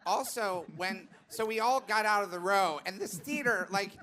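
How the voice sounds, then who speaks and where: A man's voice: high voice, normal speed, noisy background. A man hosting a live comedy talk show, telling rambling comic stories. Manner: rambling, comic storytelling with laughs. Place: live theater stage.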